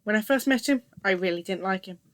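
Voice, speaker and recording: A woman narrating a first-person story in a steady, scripted reading voice. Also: medium pitch, fast talker, no echo.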